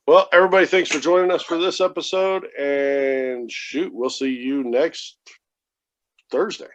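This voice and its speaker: A man's voice: a little high, fairly even intonation, normal speed, slight background noise. A man hosting a podcast in an easygoing way, thanking the guest and signing off. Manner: easygoing, wraps up the show. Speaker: podcast host. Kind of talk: casual podcast chat. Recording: dull lo-fi audio with faint music.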